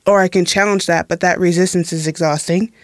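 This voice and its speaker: A woman's voice: on the low side, fairly even intonation, brisk, no echo, studio quality. A young woman from Tacoma, a guest in a roundtable, speaking earnestly and posing questions to herself as she reasons. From Tacoma, United States. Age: young adult. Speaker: alumna guest. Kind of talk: reflective roundtable conversation.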